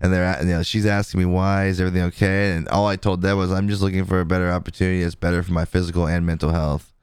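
A man in his thirties with a low, smooth voice, recorded dry and close. He rambles through a personal story as a podcast co-host, chuckling every few lines. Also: little pitch movement, racing, darkish tone, dry recording. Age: 30s. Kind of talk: casual chat.

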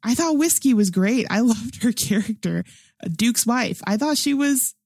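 A woman's voice: a little high, lively intonation, normal speed, creaky, darkish tone, no room sound, studio quality. A young adult woman chatting casually about a movie, enthusiastic and laughing often, with lots of fillers. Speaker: film discussion panelist. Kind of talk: casual film review chat.

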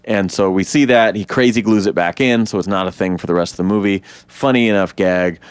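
A man co-hosting a casual podcast, retelling a film scene by scene with lively acted-out quotes and frequent swearing. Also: fairly quick, clear, resonant tone, no echo. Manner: animated retelling, acts out quotes in high voices; swears freely. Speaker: podcast co-host. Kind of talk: casual movie breakdown chat.

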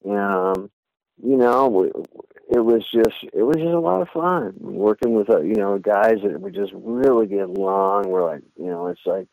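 A man's voice: fairly low pitch, normal speed, creaky, dry recording, poor audio. A male singer being interviewed, chatting casually and rambling with lots of "you know" fillers. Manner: animated storyteller. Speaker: band singer, interview guest.

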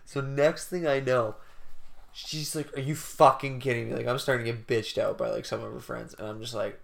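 A man's voice: medium pitch, steady tone, normal speed, gravelly, a bit bright. A young man hosting a casual podcast, telling a story in a rambling way full of "like" and laughs. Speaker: podcast host. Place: bedroom.

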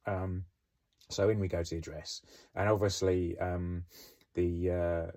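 A middle-aged British former police officer recounting a case in a rambling, conversational way with many fillers. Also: male voice, deep voice, level tone, a little slow, darkish tone. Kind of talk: storytelling podcast.

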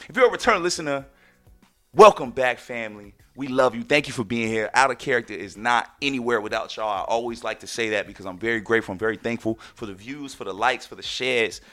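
A man hosting a podcast, telling stories in a casual monologue with loud, excited exclamations, and addressing listeners as "ladies and gentlemen". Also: fairly low pitch. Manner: animated storyteller, bursts into loud excited exclamations. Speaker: podcast host.

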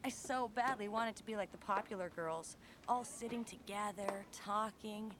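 A woman's voice: medium pitch, moderate pace, background noise, close to an everyday voice. An actress in her thirties giving scripted film narration in a wry, self-deprecating tone. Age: 30s. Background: music.

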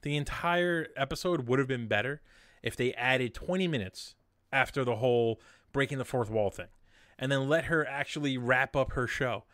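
A man co-hosting a casual podcast chat, ranting in an animated, sarcastic way. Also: medium pitch, dry recording, studio quality. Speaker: podcast co-host.

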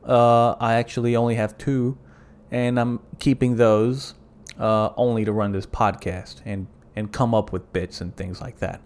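A man's voice: mid-range voice, fairly even intonation, unhurried, darkish tone. A young man from the southern United States hosting a comedic solo podcast, rambling through profane, jokey bits. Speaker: podcast host.

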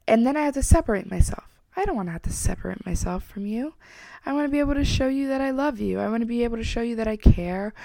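A woman's voice: fairly high pitch, creaky, mellow, no room sound. A woman hosting a spoken self-help talk, earnest and personal, who repeats phrases for emphasis. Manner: earnest, reflective, openly personal. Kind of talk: motivational self-help monologue.

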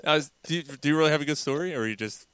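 A man hosting a podcast in easy banter, jokey while he moves the show along. his voice is bright and smooth, and the close, dry recording carries no room echo. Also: a little high, racing. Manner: jokey, steers the segments. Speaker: podcast host. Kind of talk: casual chat.

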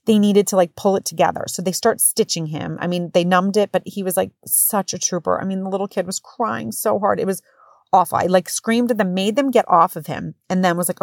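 A woman in her thirties hosting a podcast, telling a story in a casual, animated way with swearing and acted-out quotes. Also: mid-range voice, brisk, vocal fry, dry recording, studio quality. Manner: animated, swearing, acts out quotes in raised voices. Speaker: podcast host.

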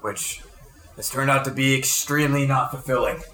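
A man's voice: mid-range voice, fairly even intonation, normal speed, fairly bright tone. A man playing in a tabletop game, talking in a dry, offhand way. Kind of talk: casual game chat, in character at times. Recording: roomy recording.

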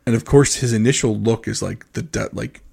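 A man on a podcast telling a rambling, animated story in casual chat. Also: lowish voice, brisk, creaky, slightly rough. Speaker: podcast co-host.

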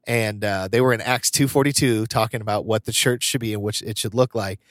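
A man's voice: fairly low pitch, fairly even intonation, fairly quick, a bit bright, dry recording, studio quality. A man co-hosting a podcast in casual chat, telling stories and laughing often. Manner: chatty storyteller, laughs often. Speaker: podcast co-host.

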